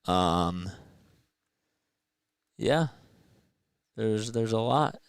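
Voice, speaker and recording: Smooth-voiced casual play-by-play man. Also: fairly low pitch, lively intonation, drawn-out words, no room sound. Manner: casual, chatty, talks to viewers. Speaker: play-by-play host. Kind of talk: amateur play-by-play commentary with chat.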